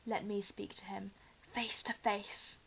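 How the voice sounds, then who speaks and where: A woman voicing an evil dark lord, a face on the back of a man's head, in a cold, hissing whisper. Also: mid-range voice, little pitch movement, slow, gravelly, slightly rough, full character voice. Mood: menacing whisper.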